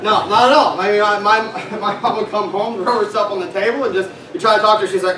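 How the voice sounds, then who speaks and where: A man leading a sales meeting, giving an animated motivational talk to a live audience and quizzing them with questions. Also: sits high, quick pace, hardly any pauses. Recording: echoey room, far from mic, noisy.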